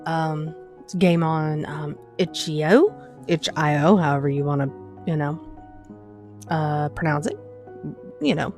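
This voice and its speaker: A woman's voice: low voice, a little slow, pauses often, darkish tone. A woman hosting a gaming video, reacting in a chatty way with many fillers. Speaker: gaming channel host. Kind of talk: casual game commentary. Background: game music.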